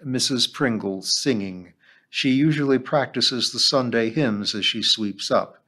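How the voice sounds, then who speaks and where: A man's voice: medium pitch, measured pace, sharp tone. A man voicing a wry, dryly exasperated middle-aged woman schoolteacher.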